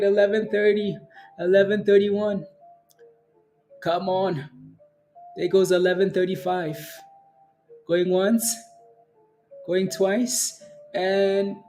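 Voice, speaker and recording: Man, live trading commentary, excitable, slow-paced, mellow tone, faint music behind. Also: high-pitched. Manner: excitable, cheers on price moves, chants and laughs. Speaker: day trading livestream host.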